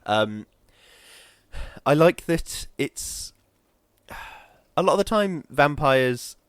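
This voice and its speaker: A man chatting casually on a podcast, rambling and animated as he tells stories in put-on voices. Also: fairly high pitch, very slow, clean tone, dry recording, studio quality. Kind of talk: casual chat.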